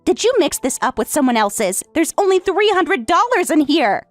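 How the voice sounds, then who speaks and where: A woman voicing an entitled young daughter who is about to marry, speaking in a shrill, indignant way. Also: sing-song, normal speed, dry recording, soft background music.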